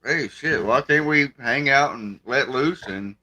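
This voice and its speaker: A man's voice: mid-range voice, a little slow, pushed and bright. A man co-hosting a live stream chat, laid-back and swearing casually, as if on a video call.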